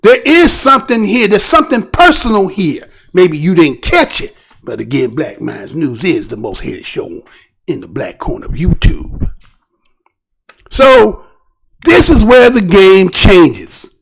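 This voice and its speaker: A man hosting a news commentary show, talking in an animated, preachy way and firing off rhetorical questions. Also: high voice, measured pace, creaky, slightly rough. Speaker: show host.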